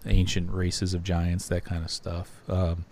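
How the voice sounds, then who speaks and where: A man co-hosting a podcast, talking through slides in a loose, rambling way with lots of fillers and pauses. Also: sits low, monotone, a little mellow, a little hiss or hum. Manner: rambling, hesitant, many fillers. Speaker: podcast co-host. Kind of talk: casual podcast discussion.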